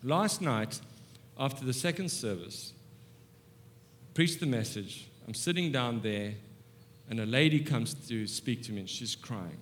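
A man in his fifties preaching a humorous sermon with stories, animated and self-mocking, moving between soft asides and excited bursts. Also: mid-range voice, measured pace, slight background noise. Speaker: guest preacher. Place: church sanctuary.

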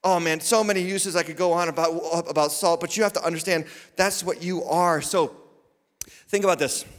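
A man preaching a sermon as lead pastor, swinging from loud declarations to quiet asides, with bits of humor. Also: fairly high pitch, fairly even intonation, moderate pace. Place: church sanctuary. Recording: long reverb of a large hall.

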